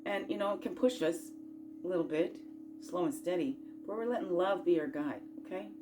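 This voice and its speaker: A woman's voice: fairly low pitch, lively intonation, brisk, over music. Rambling, playful woman coaching self-growth. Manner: rambling, playful, folksy and encouraging, with asides and rhetorical questions; swings between loud bursts and quiet murmurs. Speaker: spiritual self-growth host. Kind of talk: casual motivational chat.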